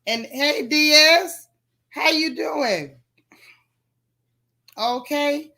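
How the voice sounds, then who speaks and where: A woman's voice: sits high, very slow, bright, forceful tone. Tired, chatty woman live-stream host. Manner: chatty, greets viewers by name with folksy slang. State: tired, yawning. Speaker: livestream host. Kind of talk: casual live-stream chat.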